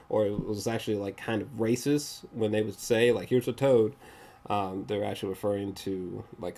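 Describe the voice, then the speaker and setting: A man giving a casual, rambling movie review, swearing often and acting out scenes in raised voices. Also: mid-range voice. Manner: rambling, swears often, searches for pictures mid-talk.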